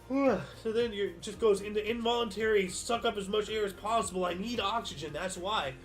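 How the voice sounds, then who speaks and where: A man's voice: sits high, moderate pace. A man hosting a daily history show, reading dated events aloud and musing about them in a casual, rambling way with many fillers and self-corrections. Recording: faint background music.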